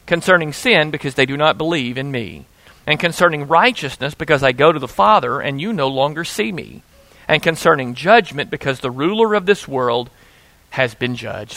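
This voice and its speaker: A man preaching a sermon as pastor, reading scripture and telling an animated story with frequent restarts. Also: fairly high pitch, normal speed, dry recording.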